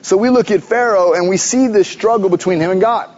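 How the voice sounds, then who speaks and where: A pastor giving a sermon in a conversational, playful preaching manner, recorded in a church sanctuary. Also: male voice, high-pitched, fairly quick, darkish tone. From United States. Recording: dull lo-fi church recording with long reverb.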